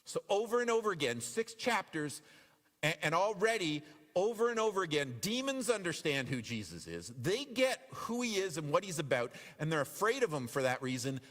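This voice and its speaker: A man's voice: a little high, big pitch swings, normal speed, a bit bright. Man preaching in a reverberant church. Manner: conversational, repeats his questions. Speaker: pastor. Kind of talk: sermon. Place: church sanctuary. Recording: long reverb of a church hall.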